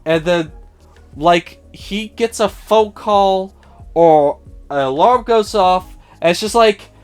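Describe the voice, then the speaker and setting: A man's voice: high-pitched, slow pace, clear, resonant tone, soft background music. A man giving a casual spoiler review of a film, sarcastic and profane, often mimicking the characters in a raised voice.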